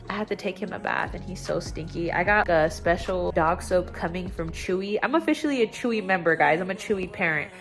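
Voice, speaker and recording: A young woman talking at home in a casual confessional vlog, candid and rambling, her voice jumping up when she gets excited. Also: fast talker, soft background music. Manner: candid and rambling, with sudden excited jumps in pitch. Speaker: vlogger. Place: at home, indoors.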